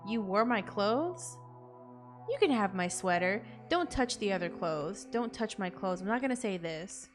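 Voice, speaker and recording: A young adult woman playing a game on camera, reading its text aloud and reacting in an expressive, jokey way, with bursts of loud disbelief. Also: medium pitch, normal speed, hardly any pauses, over music. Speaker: gaming content creator.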